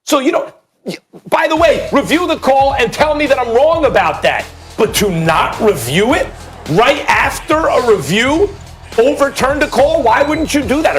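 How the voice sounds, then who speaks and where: A man's voice: very high voice, a bit bright. Argumentative man firing rhetorical questions. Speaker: sports debate host. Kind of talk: heated sports debate.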